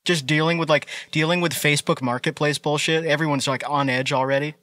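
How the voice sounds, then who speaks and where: Man, co-host, deadpan joker; bright, slightly high voice, dry recording. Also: a little fast, no room sound. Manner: deadpan joking asides. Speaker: podcast co-host. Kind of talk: casual chat.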